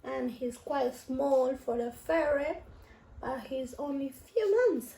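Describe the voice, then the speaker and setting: A woman's voice: sits high, expressive, slow pace, gravelly, mellow. A woman vlogger telling a story to camera in a chatty, emotional way, repeating herself, in an echoey room.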